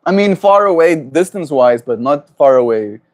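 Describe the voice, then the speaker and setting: A man's voice: on the high side, animated, moderate pace, darkish tone. A man from South Africa whose first language is Afrikaans, with an Afrikaans accent, chatting casually on a livestream. He reads viewers' messages aloud and answers them in a playful, talkative way, laughing often. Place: at home.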